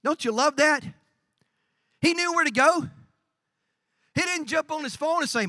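A man preaching a sermon as pastor, animated, acting out quoted voices and swinging from quiet lines to shouts. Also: extremely high pitch, measured pace, no room sound, studio quality. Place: church.

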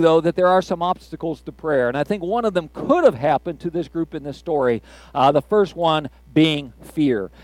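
Older man, grandfatherly preacher, slightly high voice, dry close sound, chatty sermon with restarts. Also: darkish tone, dry recording. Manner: conversational, folksy, with halting restarts.

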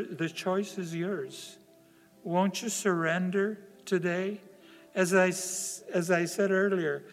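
A male pastor preaching a sermon and giving an altar call, slow and emphatic, his voice swelling and then dropping low. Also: fairly bright tone. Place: church sanctuary. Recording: long reverb of a church sanctuary.

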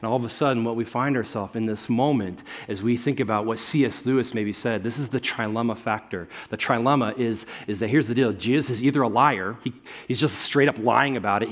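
A young adult man preaching a sermon on stage, telling stories with loud bursts and quiet asides. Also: mid-range voice. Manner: animated storytelling, swinging between loud bursts and quiet asides. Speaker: pastor.

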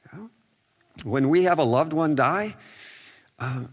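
A man's voice: fairly high pitch, expressive, measured pace, in a large hall. A male pastor giving a conversational sermon, asking the audience rhetorical questions and acting out what people say. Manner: conversational preaching with rhetorical questions and acted-out quotes.

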